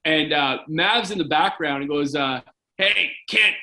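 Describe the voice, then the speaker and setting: A man's voice: a little high, unhurried, gravelly, sharp tone, rough recording. A man in his forties from Canada, a former hockey goalie telling stories in a casual interview, rambling with lots of "like" and "right?".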